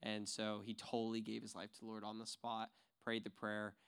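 A man leading a church group, who tells an excited testimony and then rallies the group with encouragement. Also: lowish voice, normal speed, clean tone. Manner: excited storyteller, builds to rallying encouragement. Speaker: ministry leader. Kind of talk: testimony and exhortation.

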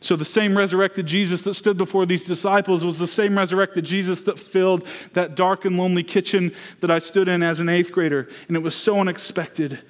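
A young man preaches a sermon in an earnest, personal way, weaving his own story into the message. His voice sits notably high for a man. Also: steady tone, brisk, hardly any pauses. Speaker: pastor.

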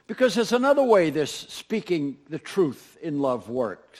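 Animated high-voiced male preacher. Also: moderate pace, few pauses. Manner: conversational, speaks straight to the congregation with repetition. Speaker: pastor. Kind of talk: sermon.

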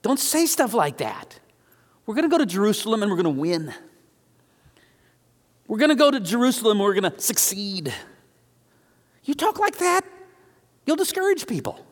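Frantic young disciple, high fast pleading, as a preacher puts him on, echoey hall. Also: male voice, big pitch swings. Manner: urgent, hushed then pleading and rapid. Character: panicky young male disciple pleading with his leader.

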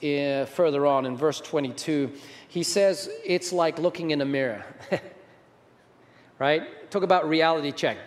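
A man preaching a sermon as a pastor, talking with the audience and often asking them questions. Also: fairly high pitch. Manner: conversational, asks the audience questions. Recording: long reverb of a large hall.

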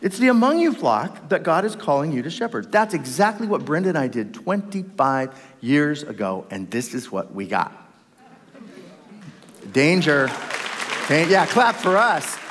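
A middle-aged man preaching a sermon, animated, acting out quoted voices and speaking straight to the congregation. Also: on the high side, unhurried, a faint crowd, slight background noise. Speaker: pastor. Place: large church hall with reverb. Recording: live sermon in reverberant hall.

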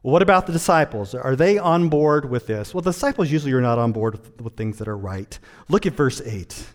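A man delivering a sermon as a pastor, dropping to quiet asides and rising to loud, emphatic points. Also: animated, brisk, long reverb tail. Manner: swells from low, quiet asides to high, emphatic preaching.

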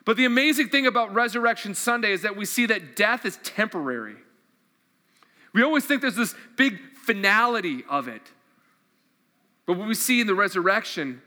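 Bright-voiced enthusiastic pastor in a hall. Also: male voice, high-pitched. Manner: enthusiastic and conversational, asks the audience questions. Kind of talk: sermon with scripture reading. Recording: long hall reverb.

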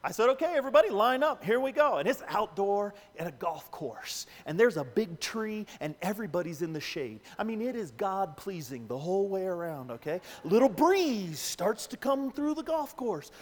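Pastor, male, high voice, animated sermon storyteller, reverberant church hall. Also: normal speed, few pauses. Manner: animated, acts out quoted voices.

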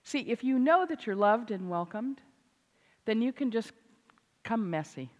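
An older woman, a grandmother and author, preaching a sermon with animated, emphatic delivery. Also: a little high, measured pace, dull audio. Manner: animated, rising to loud emphatic exclamations. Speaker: Christian speaker and author. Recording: hall reverb.

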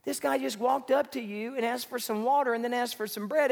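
A male minister preaching a sermon in an animated, conversational way, full of rhetorical questions. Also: very high voice, a little fast, vocal fry, hardly any pauses, big-room sound.

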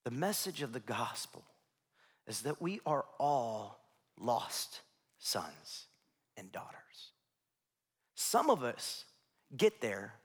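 Bright, animated preacher man. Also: medium pitch. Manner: builds to emphatic, rising lists. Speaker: pastor. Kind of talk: sermon. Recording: long reverb of a large hall.

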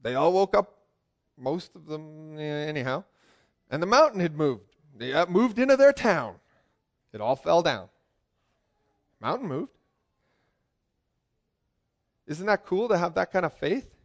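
Lively, high-voiced preacher man. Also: unhurried, vocal fry, long pauses. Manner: joking, asks the crowd questions, swings from loud calls to quiet asides. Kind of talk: lively sermon to a congregation.

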